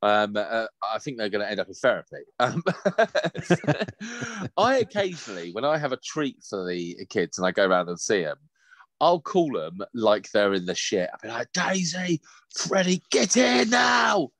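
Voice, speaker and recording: Lively, swearing man. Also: fairly low pitch, normal speed, no room sound. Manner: lively, swears a lot, acts out quotes. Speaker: podcast co-host. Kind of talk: casual chat.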